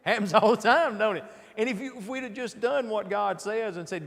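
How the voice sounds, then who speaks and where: A man gives a casual sermon in a church, his voice sitting a little high for a man and carrying a gravelly edge. He keeps turning to his listeners with rhetorical questions and restarts his sentences as he goes. The sound rings with the long echo of a large church hall. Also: brisk, few pauses, a bit bright. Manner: conversational, asks the audience rhetorical questions, frequent restarts. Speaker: preacher leading a midweek Bible class. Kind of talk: informal sermon. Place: church auditorium.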